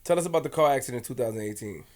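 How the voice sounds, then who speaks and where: A man's voice: medium pitch, animated, racing. A man co-hosting a casual podcast interview, asking questions in a teasing, joking way. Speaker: podcast co-host.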